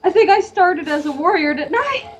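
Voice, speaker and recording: A young woman chimes in over a voice call with teasing, wry remarks while her friend reads a game aloud. Her voice sits high. She speaks casually and dryly. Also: lively intonation, normal speed, a little hiss or hum. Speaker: co-op game co-host.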